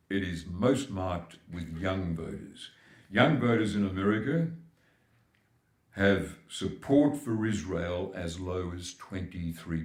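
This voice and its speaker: A man's voice: sits low, a little mellow. Older Australian man speaking in echoey hall. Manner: emphatic, building points with repetition. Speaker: keynote speaker. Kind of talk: public speech at a forum. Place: large hall at a live forum.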